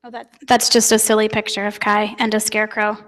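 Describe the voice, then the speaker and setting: A middle-aged woman giving a conference talk, telling family stories in a chatty, animated way and laughing often. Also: medium pitch, a little fast, long reverb tail. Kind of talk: conference talk told through family anecdotes.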